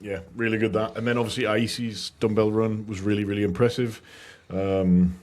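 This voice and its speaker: A man with a fairly low voice, talking in an easygoing, rambling way on a podcast. He swears casually and leans on plenty of ums and likes. It sounds like relaxed chat between friends. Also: moderate pace. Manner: laid-back, swears, rambling with fillers. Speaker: podcast co-host and commentator.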